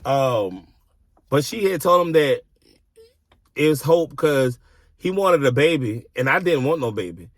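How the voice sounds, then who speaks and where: A man's voice: medium pitch, expressive, measured pace, long pauses, no echo. A man telling a personal story in a casual vlog from his car, blunt, exasperated and heavy on profanity.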